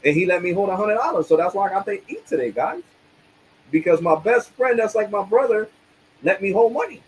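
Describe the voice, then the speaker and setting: A man venting on a livestream in an angry, profane rant full of street slang. His voice sits a little high for a man, and a faint hum of noise runs underneath. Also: expressive, brisk, rough recording. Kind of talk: ranting livestream.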